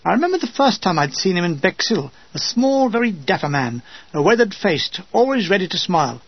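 A man reading his own wartime memoir with dry, deadpan comic timing. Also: high-pitched, brisk, husky, no echo, lo-fi sound. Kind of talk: comic audiobook narration.

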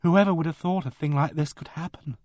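A man's voice: fairly high pitch, a little fast, darkish tone, no room sound, pitched above the performer's own voice, lightly acted. A male reader voicing a kindly young woman who chatters earnestly and fusses over others.

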